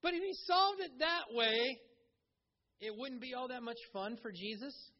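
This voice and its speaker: Man, pastor, sermon, very high voice, casual preaching, dull lo-fi sound. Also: measured pace. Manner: conversational preaching with acted-out quotes.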